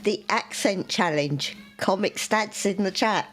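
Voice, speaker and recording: Unhurried woman co-hosting a podcast. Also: medium pitch, fairly bright tone. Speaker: podcast co-host. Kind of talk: casual podcast chat.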